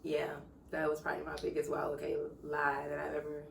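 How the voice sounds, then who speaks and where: A woman's voice: deep voice, completely flat delivery, a little fast, creaky, far from the mic, a little hiss or hum. Brash profane woman podcast host. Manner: brash, profane storytelling with quoted voices. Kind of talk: casual chat. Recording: roomy, from away from the mic.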